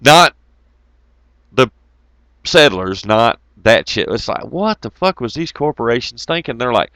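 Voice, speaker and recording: A man's voice: medium pitch, a little slow, pauses often, no room sound. A man rambling through a casual monologue, swearing freely and laughing as he tells stories. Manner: profane, laughing, animated storytelling.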